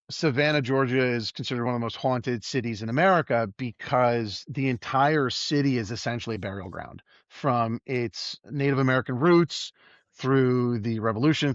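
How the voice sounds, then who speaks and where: A middle-aged EMS worker, appearing as a podcast guest, tells a story in casual conversation at a medium pitch and normal speed. He's animated and acts out the quoted voices. The close recording is dull and dry, with no echo.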